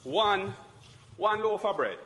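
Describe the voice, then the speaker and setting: A man, crying and upset, reads out a list of goods in a loud, shouting voice. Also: high-pitched, animated, slow, long reverb tail. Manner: listing items aloud in an upset, shouting voice. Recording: loud crowd and street noise.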